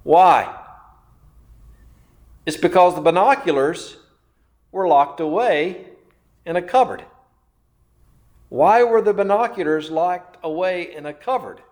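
A man preaching a sermon, slow and emphatic, repeating phrases and asking questions of his listeners. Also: high-pitched, lively intonation, a little mellow. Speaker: pastor.

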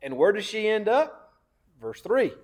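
A man preaching a sermon, slow and emphatic, repeating phrases and asking questions of his listeners. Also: sits high, sing-song. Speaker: pastor.

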